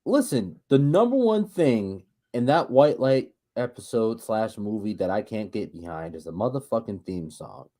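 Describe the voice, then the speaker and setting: A male podcast co-host with a fairly low pitch speaks at a moderate pace with few pauses on a casual show. He rants in an animated, rambling, profane way, stumbling over repeated restarts.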